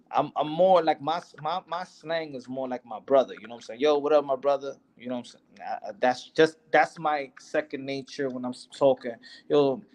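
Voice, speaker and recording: A man's voice: medium pitch, darkish tone. A young man, a boxer, talking in a casual interview in a heated, emphatic, profane way, often repeating himself.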